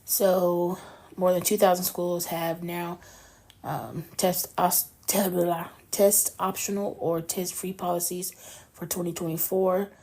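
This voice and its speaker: A woman co-host reads through a news segment in a relaxed, conversational way. She drops in her own asides as she goes. Her voice sits low, with a mellow, dark tone. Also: measured pace. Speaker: podcast co-host. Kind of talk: casual news roundup.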